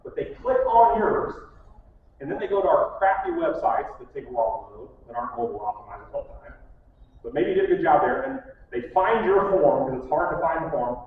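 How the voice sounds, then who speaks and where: Blunt man speaking in an echoey hall. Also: a little high. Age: middle-aged. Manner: blunt, storytelling, acts out quotes. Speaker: conference speaker. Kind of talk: casual keynote talk. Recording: echoey hall from far off, phone-like.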